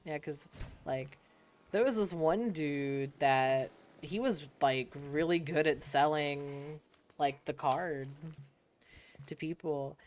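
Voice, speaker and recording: A woman's voice: sits low, slow, a little mellow, a little hiss or hum. A young woman from the United States, streaming a game and casually telling stories, laughing and swearing as she acts out other people. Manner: laid-back, swears freely, laughs often, acts out quoted people. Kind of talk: casual storytelling while gaming.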